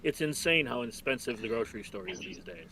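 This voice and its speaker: A man's voice: mid-range voice, expressive, fairly quick, vocal fry, pushed and bright, a little hiss or hum, poor audio. A man from the Midwest chatting casually in a wry, rambling way. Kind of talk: casual group chat.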